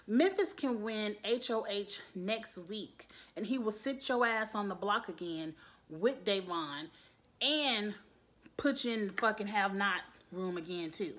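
A woman's voice: fairly high pitch, a bit bright. A woman giving a blunt, sassy and profane recap rant about a reality show, swearing freely and laughing between points.

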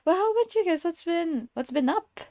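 A woman's voice: very high-pitched, expressive, fairly quick, dark tone, no echo, clean studio sound. A young adult woman on a casual livestream. She greets viewers, giggles often, and stumbles over repeated words.

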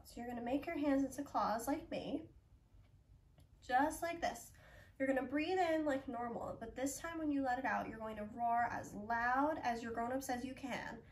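A young woman, a library yoga instructor, gently coaxing children through a breathing lesson. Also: fairly high pitch, far from the mic, a little hiss or hum. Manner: encouraging, coaxing, talks slowly to children. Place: library room, indoors.

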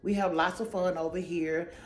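A woman's voice: on the low side, fairly even intonation, normal speed, echoey room. A woman hosting her own channel, chatting casually and goofily to camera about a shopping haul, rambling with lots of slang. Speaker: channel host.

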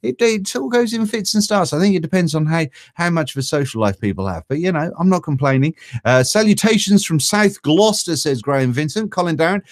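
A man's voice: fairly high pitch, lively intonation, fairly quick, few pauses, no room sound, studio quality. A man from Britain hosting a casual live stream, reading out viewer greetings with a chatty, jokey manner.

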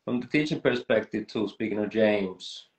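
A man's voice: fairly low pitch, normal speed. A man hosting a casual interview, laid back and reacting briefly before asking questions. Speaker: interviewer host.

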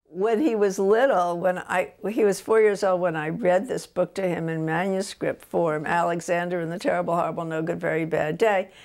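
An older woman author from New Jersey, telling stories about her books in a relaxed interview at home. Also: fairly low pitch, normal speed, few pauses. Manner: animated anecdotes, voices quotes of her son.

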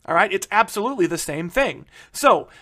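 A man delivers a recorded history lecture. He talks fast and animatedly, keeps addressing his listeners as "guys", and keeps checking that they are following along. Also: high-pitched. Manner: energetic, addresses students as "guys", frequent "all right?" check-ins. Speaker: history teacher.

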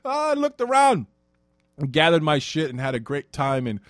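A Brooklyn man with a Brooklyn accent talks through his podcast in a loose, wandering monologue, cursing casually and drifting off mid-thought. His voice sits fairly high for a man. The sound is close and dry, with no room around it. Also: sing-song, normal speed, a bit bright, dry recording. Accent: Brooklyn New York. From Brooklyn, New York. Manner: rambling, swears freely, often trails off into "I don't know". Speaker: podcast host.

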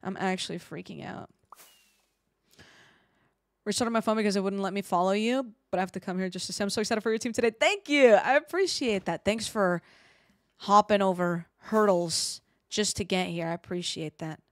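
A woman streaming a game live, chatting with her viewers in an excitable, giggly way. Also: mid-range voice, moderate pace, no echo, studio quality. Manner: excitable, giggly, talks to chat.

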